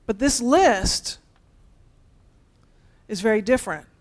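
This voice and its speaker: A woman's voice: on the high side, lively intonation, slow. A woman pastor delivering a conversational sermon, speaking directly to her congregation with playful asides.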